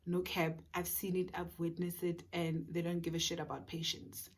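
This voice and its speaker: A woman's voice: fairly low pitch, completely flat delivery, normal speed. A woman with a South African accent telling a personal story for her storytime vlog, earnest and full of emphatic repetition. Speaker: vlogger.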